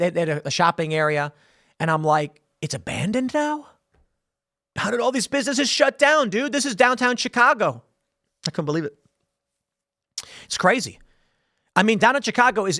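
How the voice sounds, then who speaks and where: Sarcastic man delivering a lively monologue. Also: a little high, dry recording, studio quality. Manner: sarcastic, animated storytelling with mocking quoted voices. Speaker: political commentary host. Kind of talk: solo political commentary monologue.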